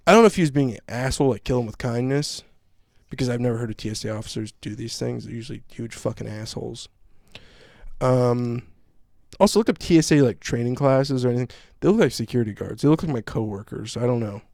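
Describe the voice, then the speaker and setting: A male podcast host telling a story in casual chat, with a profane, animated ranting manner. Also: mid-range voice, fast talker, gravelly, dry recording, studio quality.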